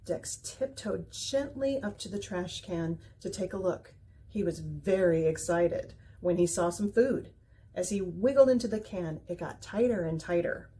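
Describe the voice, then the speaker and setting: A woman reading a children's picture book aloud with expressive, gentle storytelling. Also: medium pitch, unhurried, a little hiss or hum.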